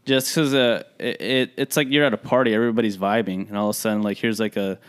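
Smooth-voiced young man telling stories. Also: lowish voice, fairly even intonation, quick pace. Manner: storytelling, many fillers like "like" and "you know". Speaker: podcast co-host. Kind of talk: casual chat.

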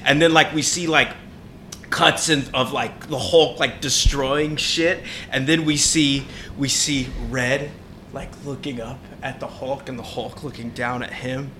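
A man rambles through a movie pitch on a podcast, filling it with fillers and swearing. His voice sits mid-range and sounds bright and lively. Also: unhurried, slight background noise. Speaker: podcast guest. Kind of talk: casual chat, pitching a movie.

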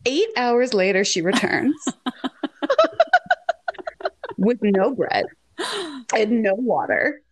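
Animated young woman telling stories. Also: a little high, extremely slow, pauses often, slightly rough. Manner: animated, says "like" often, acts out quotes. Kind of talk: casual storytelling chat.

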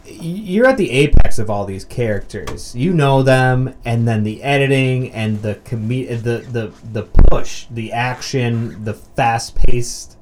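A man casually talking through a film, swearing freely and jumping into loud, excited mock outbursts. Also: mid-range voice, slow pace, few pauses, noisy background. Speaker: movie commentary co-host. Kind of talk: casual film commentary chat.

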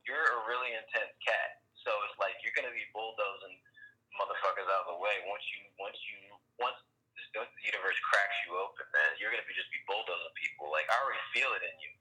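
A man's voice: lowish voice, fast talker, pushed and bright, rough recording. A man in casual podcast chat, laid-back and profane, laughing often as he talks.

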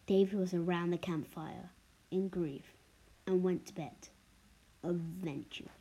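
A woman's voice: fairly low pitch, measured pace, warm tone, breathy edge, rough recording. A woman reading a story aloud in a plain manner, with small restarts.

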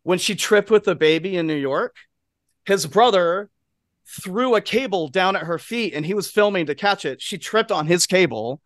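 A male podcast co-host with a fairly high voice, spinning a rambling anecdote full of asides and swearing. The sound is dry and close, from a studio mic. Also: lively intonation, normal speed, fairly bright tone, no echo. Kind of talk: casual storytelling chat.

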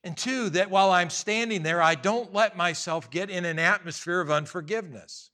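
Male pastor, bright slightly high voice, chatty joking sermon delivery. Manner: conversational preaching with humor and acted asides.

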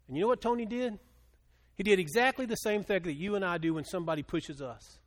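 A middle-aged male pastor preaching a sermon, moving between quiet storytelling and loud, impassioned appeals. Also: high voice, expressive, a little fast.

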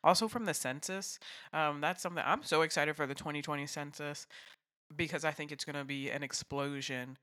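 Bright, higher-voiced chatty man. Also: steady tone, brisk. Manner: talkative, laughs often, many fillers. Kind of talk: casual chat.

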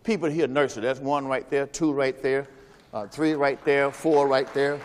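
This pastor speaks in a mid-range, steady voice without hurrying. During a service in the church sanctuary he gives a folksy sermon full of repeated phrases and call-and-response with the congregation, and the recording carries long church reverb.

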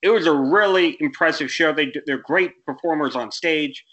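A man's voice: a little high, moderate pace, pushed and bright, highs cut off. A young American man co-hosting a casual sports podcast, rambling and correcting himself, with exasperated rants. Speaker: podcast co-host.

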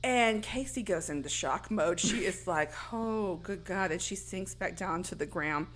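A woman's voice: lowish voice, normal speed. A woman casually retelling a horror movie scene, acting out the lines and laughing often. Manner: animated storytelling, acts out quotes, laughs often. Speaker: podcast co-host. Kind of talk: casual movie recap chat.

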